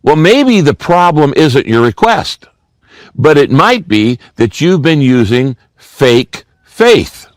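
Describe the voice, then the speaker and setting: A man's voice: fairly high pitch, very animated, takes it slowly, dry recording. An older man giving a sermon as pastor, teaching through a scripture passage and repeating key phrases for emphasis.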